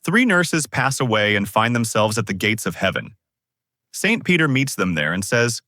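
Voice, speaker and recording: A man telling a string of jokes in a lively, scripted narration. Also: mid-range voice, moderate pace, no room sound, clean studio sound. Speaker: joke narrator.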